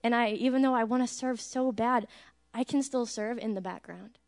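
A woman, a teacher, telling an energetic and animated church testimony about a mission trip. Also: a little high, normal speed.

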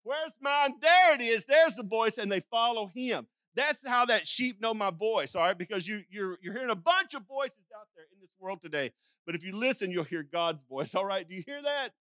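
An older male pastor tells a sermon like a folksy story, rambling through asides and acting out calls. His voice sits high and bright. The sound is close and dry. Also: lively intonation, normal speed, no room sound. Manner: rambling with frequent restarts and asides.

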